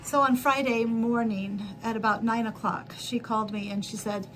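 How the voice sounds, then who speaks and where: High-voiced woman chatting on a sewing stream. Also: fairly even intonation, moderate pace, fairly bright tone, a little hiss or hum, low-quality recording. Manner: rambling storytelling with frequent laughs and self-corrections. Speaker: livestream host. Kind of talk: casual chat while sewing.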